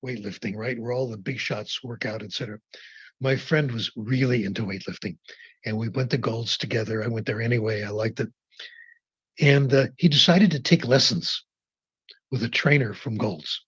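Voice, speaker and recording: A man giving a conversational lecture on language learning, telling anecdotes and slowing down for emphasis. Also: medium pitch, a bit bright, breathy edge. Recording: dull muffled lecture recording.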